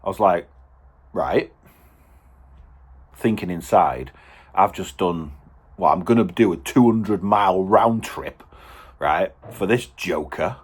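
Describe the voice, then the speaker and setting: A man's voice: low voice, measured pace, slightly rough. A man, a home car dealer telling an exasperated story to camera and acting out what was said. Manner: exasperated, animated, acts out quotes.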